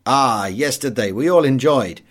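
A man's voice: mid-range voice, lively intonation, unhurried. A man voicing an eager Maltese cafe owner. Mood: proud. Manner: broken English, eager storytelling.

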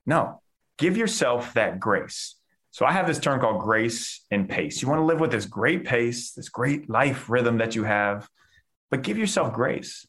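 An enthusiastic man talking as a mindset coach in a podcast interview. His pitch sits in a middle range, and he often stops to say "like" before going on. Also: big pitch swings, a little slow, a bit bright. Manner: enthusiastic, uses filler "like" often.

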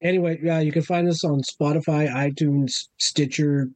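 A man's voice, fairly high for a man, recorded close and dry with almost no room sound. He talks in a loose, easygoing manner, a bit self-deprecating, and stumbles over a word now and then. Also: steady tone, normal speed, dry recording. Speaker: podcast guest. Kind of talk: casual chat.

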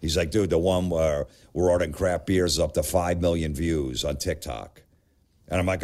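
A man with a low voice chatting as a comedian guest. He tells stories bluntly with a dry, sardonic edge. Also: moderate pace, darkish tone. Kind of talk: casual chat.

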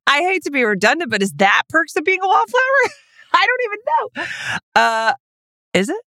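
A woman co-hosting a chatty podcast, with a bright, forward tone. Her pitch swings widely as she teases and jokes. The sound is close and dry, with no room around her. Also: sing-song, normal speed, no echo. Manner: playful, wry, self-mocking. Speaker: podcast co-host. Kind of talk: casual chat.

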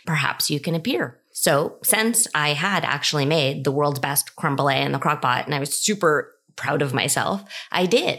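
Low-voiced woman telling a lively story. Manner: animated, acts out quoted voices. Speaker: cookbook author. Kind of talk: personal storytelling.

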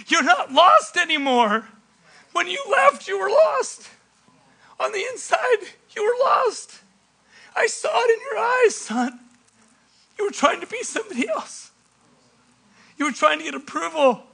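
A man's voice: extremely high pitch, slow pace, vocal fry, sharp tone, full character voice. A man playing a tender, loving father. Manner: tender, pleading. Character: loving father speaking gently to his son.

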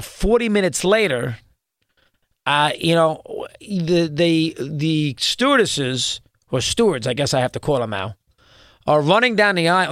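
A male talk show host telling a story in a rambling, excitable way, full of restarts. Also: on the high side, no room sound, studio quality. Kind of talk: storytelling monologue.

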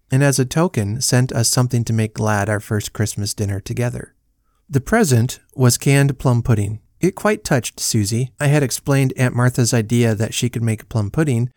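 Man, podcast host, storybook narration, measured and dry, mid pitch. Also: a little mellow, dry recording.

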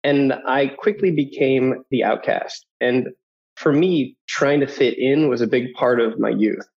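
A man in his thirties, a guest telling personal stories in an animated way, who often acts out the voices of people in his anecdotes. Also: mid-range voice, unhurried. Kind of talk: personal storytelling. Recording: dull lo-fi audio.

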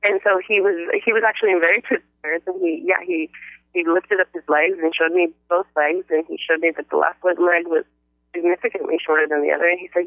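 A woman on a phone line telling a personal testimony in an animated storytelling way. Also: fairly low pitch, a little fast, dry recording. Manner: animated, acts out quotes in a raised voice.

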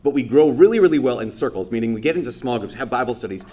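A man's voice: mid-range voice, lively intonation, very fast, mellow. A man giving a conversational sermon as a priest during Mass. He talks casually with lots of fillers and acts out people's reactions.

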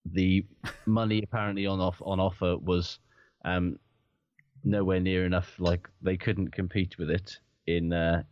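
Podcast co-host, male, very low voice, dry close sound, rambling and sweary delivery. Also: flat delivery, unhurried, dry recording, highs cut off. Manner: swearing, rambling, laughs often. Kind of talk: casual sports chat.

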